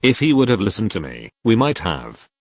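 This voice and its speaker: A man's voice: lowish voice, wildly swooping pitch, normal speed, dry recording, studio quality. A man voicing a sulky young male rival in a fan-fiction reading, muttering and blaming. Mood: resentful.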